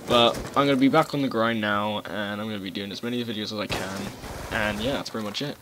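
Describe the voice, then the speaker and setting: Low-voiced guy commentating a game. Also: steady tone, fast. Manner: casual rambling, swears, sudden loud outbursts. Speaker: gaming commentator. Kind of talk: live gameplay commentary. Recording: game gunfire noise behind voice. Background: gunfire and explosions from the game.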